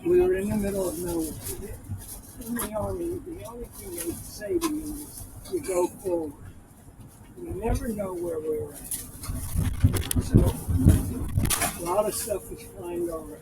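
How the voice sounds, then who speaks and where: A man in his nineties, a war veteran, telling stories emphatically and repeating key phrases, with loud background noise. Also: sits high, big pitch swings, measured pace. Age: 90s. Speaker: WWII veteran guest. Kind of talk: storytelling interview.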